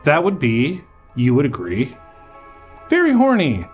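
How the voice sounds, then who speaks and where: A man's voice: on the high side, huge pitch swings, measured pace, soft background music. A man playing the odd ghost of an old-time pig researcher in improv comedy, needling the other guest with old-fashioned phrasing.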